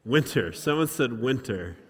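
A pastor giving a sermon in a conversational way, repeating words and building to animated emphasis. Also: male voice, mid-range voice, measured pace, husky. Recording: long reverb of a large room.

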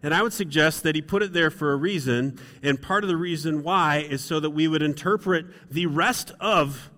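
A man's voice: a little high, moderate pace, sharp tone. Man, pastor, middle-aged, conversational sermon, self-deprecating, lingering reverb. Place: church sanctuary. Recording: long reverb in a hall.

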